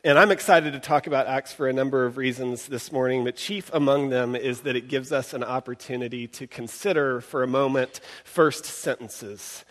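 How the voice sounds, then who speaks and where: Animated man preaching in a reverberant hall. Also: mid-range voice. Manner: animated, conversational, rhetorical questions to the congregation. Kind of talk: sermon.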